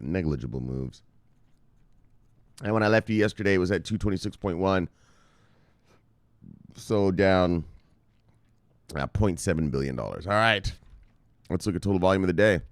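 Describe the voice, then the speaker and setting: Male host for casual market commentary: low-pitched, dry close mic, loose and profane. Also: normal speed, pauses often, dry recording. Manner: profane, excitable, laughs often. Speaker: crypto news show host.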